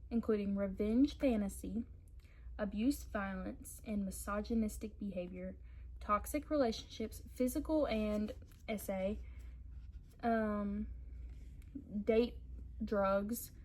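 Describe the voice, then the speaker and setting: A young woman chatting casually to camera about books, rambling and animated. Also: mid-range voice, takes it slowly, pauses often, low-quality recording. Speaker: book vlogger.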